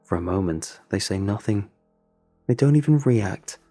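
In a low, dark, husky voice, a man tells a first-person horror story. His delivery is measured, brooding and expressive, with faint music underneath.

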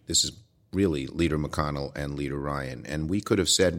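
A man's voice: rumbling low, moderate pace. An older man with a Brooklyn accent, telling stories directly and emphatically in an interview. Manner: direct, emphatic storytelling with quoted dialogue. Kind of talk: relaxed interview answers.

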